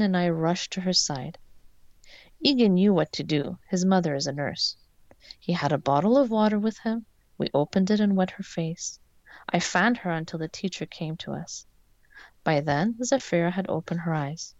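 A woman author reading her own young-adult story aloud at a steady, measured pace. Her voice sits low and has a gravelly edge. The recording is dry and dull-sounding, with a lo-fi quality. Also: dry recording. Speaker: author and interview guest.

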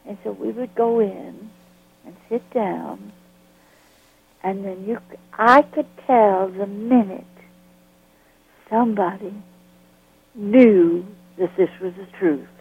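An older woman from the Southern United States recalls her experiences in an interview, slipping into the voices of the people in her stories. Her voice is husky, and she talks slowly. The sound is thin and tinny, like a phone line. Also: mid-range voice, no echo. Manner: lively storyteller who acts out quoted dialogue. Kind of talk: storytelling reminiscence.

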